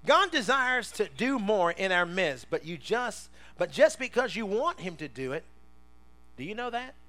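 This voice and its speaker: A very animated pastor preaches a sermon, leading his congregation in call-and-response and constantly prompting them with "somebody say." He's playful and quick to laugh, swinging between shouting and low, intense passages.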